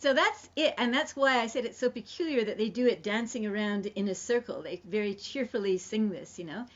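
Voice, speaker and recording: A woman's voice: mid-range voice, fairly quick. A woman leading an online singing lesson, explaining a ballad in a chatty way and then singing the refrain syllables. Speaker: song leader. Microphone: computer mic on video call. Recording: dull lo-fi video call audio.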